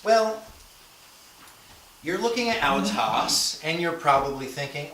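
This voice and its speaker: A man's voice: fairly high pitch, lively intonation, takes it slowly, pauses often, fairly bright tone. A man teaching a language class in a conversational lecture style, often adding fillers and checking in with his students. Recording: echoey classroom from far off, faint hiss.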